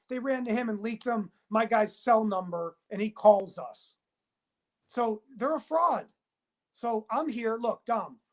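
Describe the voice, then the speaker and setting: A man speaking in a heated interview as a whistleblowing TV producer, emphatic and insistent, talking in rapid bursts and repeating himself. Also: high-pitched. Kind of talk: heated interview, phone-style conversation.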